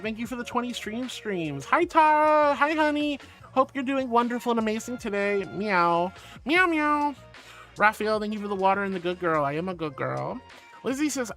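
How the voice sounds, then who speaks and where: Brief: woman streamer, bright tense voice, gushing and playful with chat, soft music under. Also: low voice. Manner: gushing and affectionate, sweet pet names; playful, meows and rawrs. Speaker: VTuber streamer. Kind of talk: casual live-stream chat, reading chat aloud.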